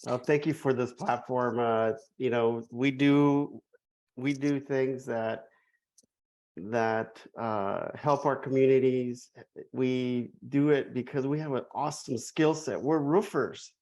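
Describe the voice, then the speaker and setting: Halting grateful man roofer. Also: medium pitch, steady tone, a little mellow, poor audio. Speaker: roofing contractor, panel guest. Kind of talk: casual panel chat.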